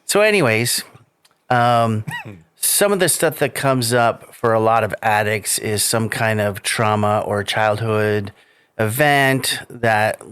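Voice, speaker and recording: A man hosting a recovery podcast, chatting casually, joking around and halting with fillers. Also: fairly low pitch, fairly bright tone, clean tone, no echo. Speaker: podcast host. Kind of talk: casual interview chat.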